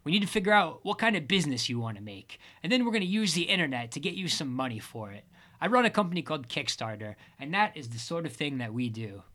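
A man's voice: a little high, big pitch swings, quick pace, pushed and bright. A man voicing a scheming young man who speaks with cool, cutting contempt in an audiobook. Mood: pushy. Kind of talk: audiobook character reading.

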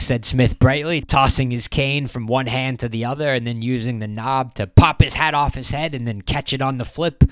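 Dry, measured male narrator. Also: medium pitch, smooth, no room sound. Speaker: audiobook narrator. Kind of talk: scripted narration.

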